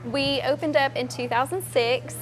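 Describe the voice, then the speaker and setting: A woman's voice: high-pitched, steady tone, normal speed, over music. A woman who owns a restaurant, answering interview questions in a friendly, casual way and often saying "like" and "um". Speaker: restaurant owner. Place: restaurant kitchen.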